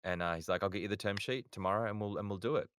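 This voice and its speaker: A man's voice: on the low side, rapid-fire, fairly bright tone, a little hiss or hum. A man with an Australian accent, a voice actor guest telling stories in a laid-back, rambling way on a podcast. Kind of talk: casual podcast chat.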